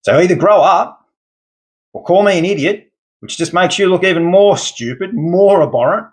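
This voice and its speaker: A man's voice: sits high, moderate pace. Indignant man ranting. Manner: indignant, lecturing, formal words. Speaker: host giving a rant. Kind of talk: angry monologue rant.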